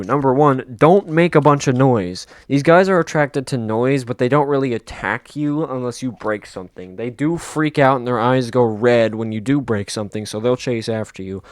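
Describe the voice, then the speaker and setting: A young man talking through a video game review with upbeat energy, tossing in jokes and slang. His voice comes across smooth and clear, recorded close and dry with no room sound. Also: mid-range voice, no echo. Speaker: gaming video creator. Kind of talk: casual game review voice-over.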